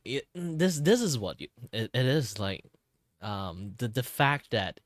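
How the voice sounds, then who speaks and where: A young man whose first language is Cantonese rambles casually, full of fillers and restarts. His voice is low and relaxed, worn a little tired from long talking. The sound is dry and close to the mic. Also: no room sound. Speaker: streamer. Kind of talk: casual chat while drawing.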